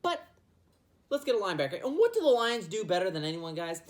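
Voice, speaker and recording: A woman's voice: mid-range voice, sing-song, quick pace. A woman hosting a casual football mock draft and talking in a profane, rambling, jokey way. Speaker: sports video host.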